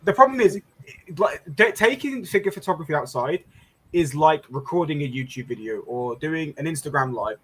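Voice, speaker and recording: An English man in casual chat, telling stories lively and laughing often. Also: on the high side, normal speed, breathy edge. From England. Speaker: show host.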